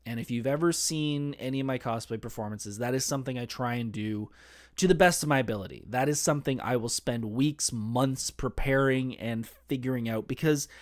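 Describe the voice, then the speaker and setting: A man hosting a podcast, telling stories in a chatty, self-deprecating way. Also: medium pitch. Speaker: podcast host. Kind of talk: casual storytelling monologue.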